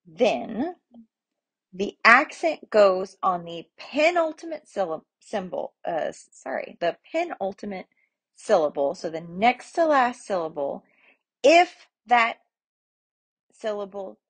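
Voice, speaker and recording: Female Latin teacher, husky voice, patient step-by-step explainer, unhurried. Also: medium pitch. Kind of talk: relaxed spoken lesson.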